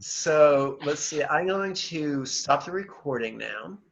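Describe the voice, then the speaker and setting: Slow, gravelly male meditation teacher. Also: on the high side, lively intonation, lo-fi sound. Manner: slow, measured, with dry joking asides. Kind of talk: guided meditation with chanting.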